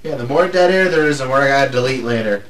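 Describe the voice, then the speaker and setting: A man hosting a casual podcast chat, joking and quick to crack up. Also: mid-range voice, slight background noise. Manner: animated, joking, easily cracks up. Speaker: podcast host and editor.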